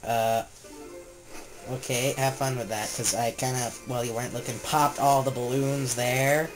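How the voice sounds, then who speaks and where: A man voicing Link, a sarcastic, easily scared young hero, in a fan voice-over parody with deadpan asides. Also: medium pitch, moderate pace, faint music behind, close to an everyday voice, rough recording.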